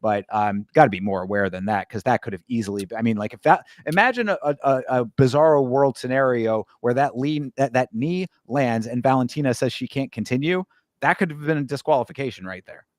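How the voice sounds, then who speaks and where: A man's voice: mid-range voice, no room sound, studio quality. A man hosting a casual sports talk show, easygoing and hedging as he weighs in and hands off to his co-host. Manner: easygoing, hedging, quick asides. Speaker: podcast host.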